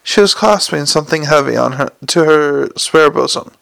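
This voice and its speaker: A man narrating a novel aloud in a wry, measured reading with occasional slips. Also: fairly high pitch, creaky, a bit bright, rough recording. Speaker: audiobook narrator.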